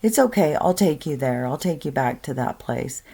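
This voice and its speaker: A woman's voice: deep voice, lively intonation, moderate pace, gravelly, warm tone, breathy edge, heavily acted. A woman retelling a puzzled mother's questions and reassurances to her daughter, in a voice close to her own. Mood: questioning.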